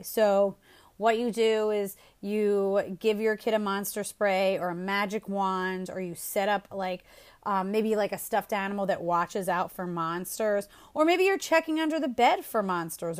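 A woman's voice: medium pitch, unhurried. A woman hosting a casual parenting advice show, chatty and upbeat, often laughing as she talks. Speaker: host.

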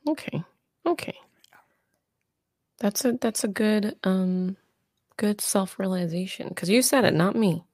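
A woman talking as a therapist in an improvised session, slow and measured. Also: medium pitch, darkish tone, dry recording, studio quality. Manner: slow, measured counselor talk.

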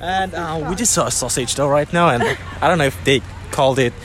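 A man's voice: fairly high pitch, a little fast, fairly bright tone, a faint crowd. Hesitant young man from the South Pacific. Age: 20s. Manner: hesitant, jokey, many ums. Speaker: guest. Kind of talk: casual chat.

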